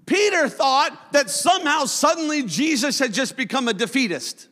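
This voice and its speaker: High, bright-voiced preaching pastor. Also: male voice, expressive, normal speed, few pauses. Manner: impassioned preaching, swelling to shouts. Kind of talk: sermon. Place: church sanctuary. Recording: long church hall reverb.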